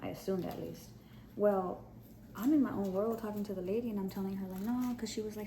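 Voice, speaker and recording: A woman telling a storytime to her audience in a blunt, profane, animated way. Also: medium pitch, fairly quick. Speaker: storytime vlogger. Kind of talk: casual storytime. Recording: background noise.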